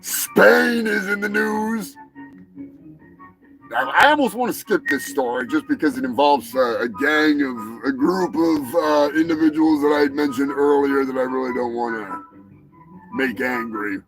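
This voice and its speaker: Over music, a male show host delivers a crude, sarcastic comedic news rant, swearing freely and mocking the stories he reads. His voice is mid-range and his pace moderate.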